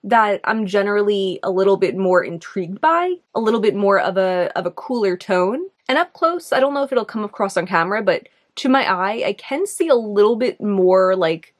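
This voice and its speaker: A woman's voice: medium pitch, lively intonation, moderate pace, hardly any pauses. A young woman with a New York accent chatting casually as she reviews makeup, thinking aloud, hesitant and full of "like"s. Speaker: beauty video host.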